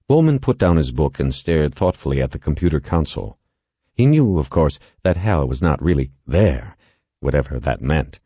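Very deep, dark-voiced male narrator. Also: slightly rough, no room sound. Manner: measured, expressive storytelling. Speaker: audiobook narrator. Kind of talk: scripted narration.

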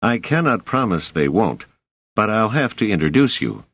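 An actor playing a commanding male supervisor in an audiobook, curt and wary, in a low voice with lively turns. The sound is dry and a bit muffled. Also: moderate pace, husky, no room sound, full character voice. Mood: brisk.

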